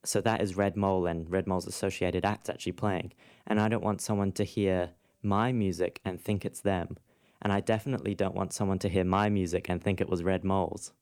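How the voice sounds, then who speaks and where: A man's voice: low-pitched, steady tone, fairly quick, a little mellow, smooth. A man, a composer being interviewed, explaining his work thoughtfully and at length. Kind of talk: interview conversation.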